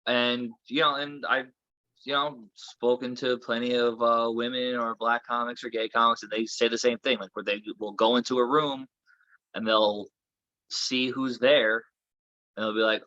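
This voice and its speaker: A man's voice: mid-range voice, fairly even intonation, moderate pace, sharp tone, no room sound, muffled recording. A man from Florida, a comedian guest chatting casually in a podcast interview, rambling with lots of filler words. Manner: rambling, filler-heavy talk.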